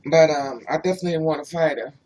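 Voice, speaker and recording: A man's voice: fairly high pitch, fairly even intonation, racing, a little mellow. A man on a casual livestream who tells rambling personal stories and answers viewers' chat comments as he goes.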